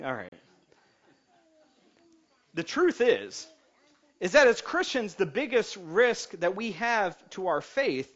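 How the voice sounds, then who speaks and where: A man preaching a sermon to his congregation in church, energetic, swinging between loud and soft, with jokes along the way. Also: high voice. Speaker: pastor. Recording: dull lo-fi recording.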